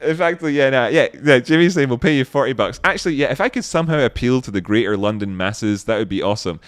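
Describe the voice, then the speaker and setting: A man's voice: mid-range voice, animated, fast talker, dry recording. A man hosting a livestream, chatting casually in a rambling, joking way and reading out viewer comments. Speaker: livestream host.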